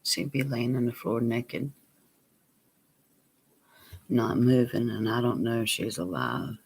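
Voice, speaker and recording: A man telling a personal story on his vlog, plain and unhurried, sometimes dropping to a near whisper. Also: mid-range voice, creaky, breathy edge. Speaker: vlogger.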